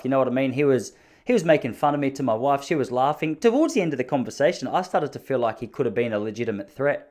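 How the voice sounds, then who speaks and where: Australian man, 30s, quick rambling podcast storyteller with a jokey delivery. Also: mid-range voice, lively intonation, darkish tone. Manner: rambling, jokey, acts out quoted voices. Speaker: podcast host.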